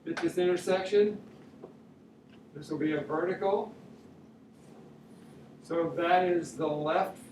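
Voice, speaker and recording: A man's voice: fairly high pitch, slow pace, long pauses, a little mellow. A man teaching a drawing lesson, thinking aloud step by step as he draws. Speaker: art teacher. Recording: roomy echo, mic at a distance, faint room noise.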